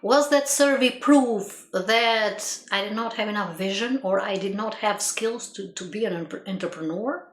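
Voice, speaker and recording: This woman speaks at a measured pace with few pauses, her pitch in the medium range. Her reflective, earnest motivational monologue includes repetition for emphasis and laughter at her own stories, and the room gives off a spacious echo.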